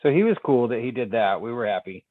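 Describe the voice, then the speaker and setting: A man's voice: mid-range voice, lively intonation, fast, no echo, narrow, tinny audio. A man co-hosting a podcast, chatting in an easygoing way and laughing often. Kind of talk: casual chat.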